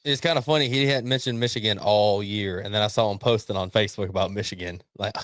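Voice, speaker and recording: A man's voice: fairly low pitch, steady tone, fast, dry recording, clean studio sound. Blunt, profane male podcast co-host. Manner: blunt, profane, acts out coaches' yelling. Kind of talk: casual sports chat.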